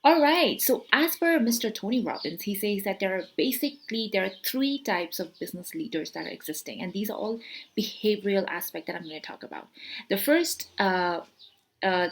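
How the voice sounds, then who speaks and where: Woman giving a lively motivational talk. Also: mid-range voice, normal speed. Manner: explains with hand gestures, repeats words, many fillers; animated rhetorical questions. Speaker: motivational speaker. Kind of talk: casual talk to camera.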